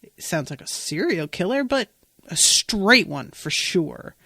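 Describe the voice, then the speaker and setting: A woman voicing an unbothered, laid-back young man who speaks flat and deadpan. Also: on the low side, a little slow, dry recording, studio quality, heavily acted.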